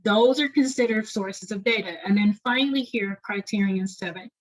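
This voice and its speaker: A woman leading an online lecture on doctoral writing, talking fast and often checking in with "right?". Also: medium pitch, rough recording. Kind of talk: webinar lecture.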